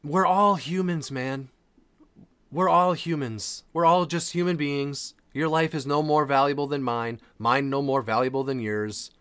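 A man's voice: fairly high pitch, steady tone, measured pace, a bit bright, clean tone. A man hosting a podcast, talking casually and earnestly, repeating phrases for emphasis. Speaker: podcast host.

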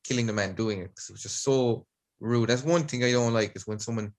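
A young man with an Irish accent hosts a casual podcast, telling stories in an animated, blunt way full of swearing. His pitch sits in the ordinary middle range. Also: fairly quick. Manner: animated storyteller, swears freely. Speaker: podcast host. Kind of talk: casual chat.

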